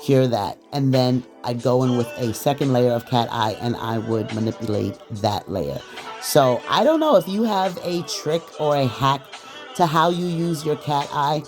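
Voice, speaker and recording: A man's voice: medium pitch, expressive, normal speed, over music. A man chatting casually to viewers while walking through a nail tutorial. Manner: chatty, addresses viewers as "girl". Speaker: nail artist.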